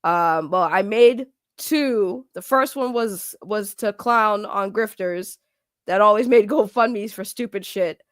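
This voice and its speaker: A woman's voice: medium pitch, takes it slowly, no room sound, studio quality. A woman streamer chatting casually, greeting chat and joking at herself. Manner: chatty, self-mocking, greets chat by name.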